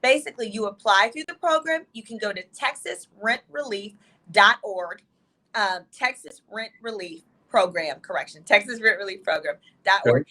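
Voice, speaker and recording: A woman appears as a legal expert guest on a talk show, joining by video call from a hotel room. She explains things quickly and emphatically, full of excitement, in a medium-pitched voice, and the audio is poor.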